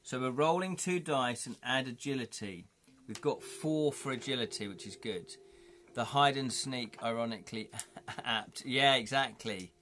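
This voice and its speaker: A man's voice: medium pitch, measured pace, sharp tone. A jovial man hosting a live stream, narrating an interactive game story and chatting with viewers. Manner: jovial, chatty, reads chat aloud. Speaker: streamer running an interactive gamebook.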